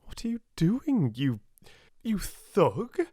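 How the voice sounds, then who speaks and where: A man voicing a young woman who is fiery when angered, raising his pitch and speaking emphatically in an audiobook. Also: measured pace, warm tone, no room sound, studio quality, natural voice. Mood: furious. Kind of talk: audiobook character voice.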